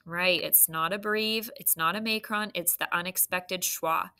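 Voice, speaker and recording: Woman teacher, bright clear voice, slow deliberate dictation, recorded phonics lesson. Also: lowish voice, fairly even intonation. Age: adult.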